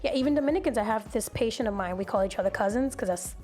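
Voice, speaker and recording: A young adult woman hosting a podcast, telling stories in a casual, animated way and acting out other people's voices. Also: on the high side, rapid-fire, soft background music. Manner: animated storyteller who acts out voices. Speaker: podcast host.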